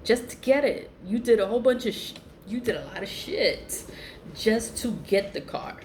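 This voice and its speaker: Animated woman ranting in a casual storytime. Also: normal speed, a little hiss or hum. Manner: animated and profane, laughing often, pitch swinging up for emphasis. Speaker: vlogger who sells spiritual goods online.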